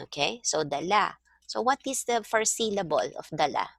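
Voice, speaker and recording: A woman's voice: medium pitch, lively intonation, moderate pace, dry recording, clean studio sound. A woman teaching a one-on-one language lesson over a video call, explaining patiently step by step. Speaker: language tutor.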